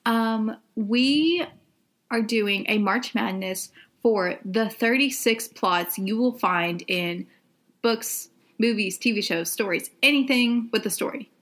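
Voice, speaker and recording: A woman's voice: on the high side, takes it slowly, fairly bright tone. A young adult woman co-hosting a podcast, chatting casually with many "like" and "um" fillers. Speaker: podcast co-host.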